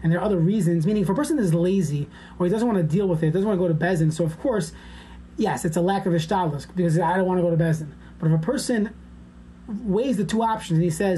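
Mellow-voiced woman teaching a class. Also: lowish voice, quick pace, a little hiss or hum. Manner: explanatory, conversational teaching. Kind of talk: informal lecture.

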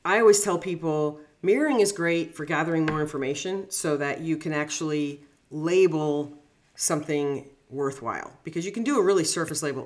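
Animated middle-aged woman coaching. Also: low voice, fairly quick. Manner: animated, laughs easily, acts out examples. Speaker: negotiation coach. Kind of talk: casual podcast chat.

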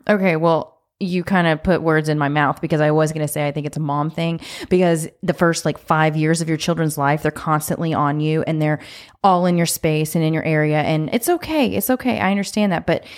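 A middle-aged woman co-hosting a casual podcast, frank and direct, a naturally loud talker. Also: low-pitched, fairly even intonation, fairly quick. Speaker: podcast co-host.

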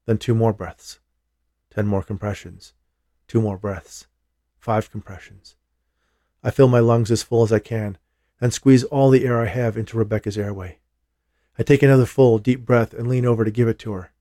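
A man giving a steady, measured first-person thriller narration as an audiobook reader. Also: medium pitch, dry recording, studio quality.

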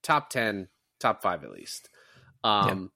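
Low-pitched male podcast co-host, chatty and rambling, dry close mic. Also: takes it slowly, gravelly, no echo. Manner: rambling, quotes movie lines in lively put-on voices. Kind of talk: casual movie podcast chat.

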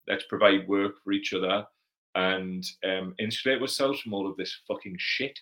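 Forceful low-voiced Geordie man. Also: fairly even intonation, moderate pace, low-quality recording. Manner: blunt, sweary, chatty, reads out viewer comments. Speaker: livestream host. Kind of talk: casual livestream Q&A chat.

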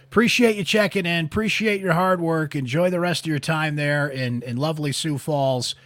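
A man's voice: a little high, moderate pace, fairly bright tone, no echo. A man hosting a casual postgame sports show, upbeat, reading listener texts and speaking straight to the audience. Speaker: sports podcast host.

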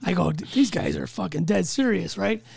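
A man telling a story in casual chat, animated and profane, acting out the voices of others. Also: high voice, normal speed, creaky, slightly rough, no room sound. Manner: animated, profane, acts out quotes.

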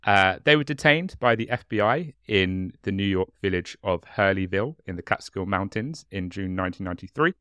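Low-voiced English podcast host. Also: male voice, fairly bright tone, clear, resonant tone, no echo, clean studio sound. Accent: southern English. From England. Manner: chatty, joking, many ums and laughs. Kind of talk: casual podcast chat.

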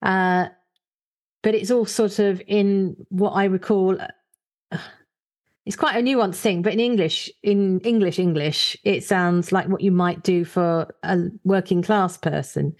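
A woman's voice: medium pitch, fairly even intonation, measured pace, a little mellow. A woman in casual discussion, thinking aloud with frequent fillers and reading short book passages aloud. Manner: thoughtful, hesitant, many fillers, reads book passages aloud.

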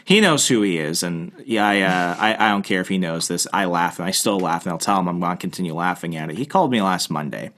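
A man hosting a casual podcast, telling a story in an animated, playfully mocking way. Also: sits low, fast talker, hardly any pauses.

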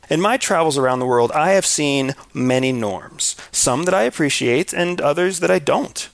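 An American man giving a scripted talk on culture, measured, often putting rhetorical questions to the listener. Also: fairly high pitch, lively intonation, creaky, no room sound. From United States.

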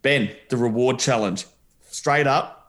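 A man's voice: medium pitch, unhurried, a bit bright. A man with an Australian accent co-hosting a podcast, speaking in an easygoing, teasing way. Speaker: podcast co-host. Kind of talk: casual chat.

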